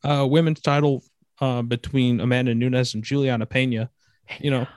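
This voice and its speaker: A man's voice: mid-range voice, steady tone, a little mellow, dry recording, clean studio sound. A young man co-hosting a casual podcast chat, steering the talk from topic to topic. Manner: quick, steers the conversation. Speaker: podcast co-host.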